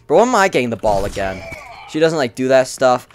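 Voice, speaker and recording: A man's voice: mid-range voice, very animated, brisk, slight background noise. A young man co-hosting a casual book review while gaming, rambling and slangy, often swearing and getting sidetracked. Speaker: co-host.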